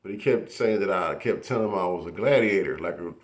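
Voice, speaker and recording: A man's voice: low voice, fast talker. A man casually telling a personal story with heavy profanity and street slang, acting out the voices of others. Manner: acts out quoted voices.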